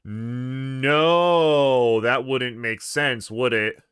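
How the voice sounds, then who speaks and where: A man's voice: medium pitch, fairly even intonation, drawn-out words, a bit bright, clear, resonant tone, no echo, clean studio sound. A man streaming a game, thinking aloud in a hesitant, musing way. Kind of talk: casual gameplay commentary.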